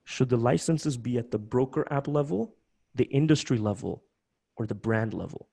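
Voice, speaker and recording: A man hosting a live webinar, talking in an animated, emphatic way with many quick restarts. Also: medium pitch, vocal fry, husky. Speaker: webinar host.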